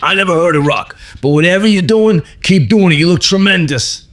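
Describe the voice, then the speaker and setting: A man voicing an excitable older male comic artist who exclaims in a high voice and repeats his questions. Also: brisk. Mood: enthusiastic.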